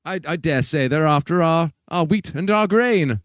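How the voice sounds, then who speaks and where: A man's voice: fairly high pitch, lively intonation, normal speed, no room sound, clean studio sound, pitched above the performer's own voice, close to an everyday voice. A man voicing a posh, fussy upper-class Englishman in a plummy, exaggerated way. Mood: haughty.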